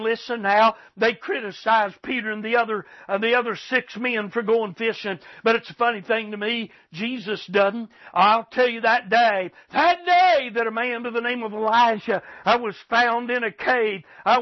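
Brief: high-pitched man preaching hard, shouting bursts, muffled broadcast sound. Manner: impassioned, shouting bursts, repeated rhetorical "can I tell you". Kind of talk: fiery radio sermon.

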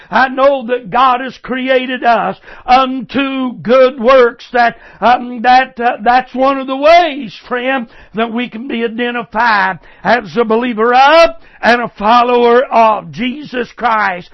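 An older male preacher delivers a fervent sermon in a strikingly high voice, speaking slowly and deliberately. He keeps calling out to his listeners with "listen" and "friend". The recording is dull and lo-fi.

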